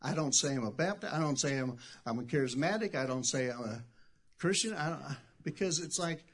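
A male pastor preaching in an easy, conversational way, his voice sitting a little high for a man. He drops to hushed asides, then bursts into loud, shouted lines. He sounds middle-aged. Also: animated, a little fast, slightly rough. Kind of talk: sermon.

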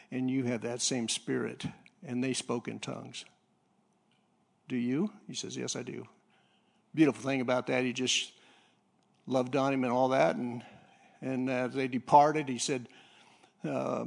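A man preaching a sermon, telling a story with halting repeats and throat clearing, then climbing to loud excited peaks. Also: medium pitch.

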